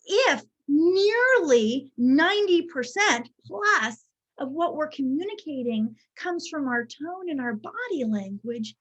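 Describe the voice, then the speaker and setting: A woman giving a live workshop talk over a video call, teaching in a lively way and often checking in with "right?". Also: high voice, takes it slowly. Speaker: workshop presenter. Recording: muffled video-call audio.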